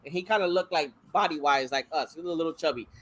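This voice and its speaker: A man with a high voice co-hosts a casual podcast chat. He talks in animated, profane street slang and swears freely. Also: fast. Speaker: podcast co-host.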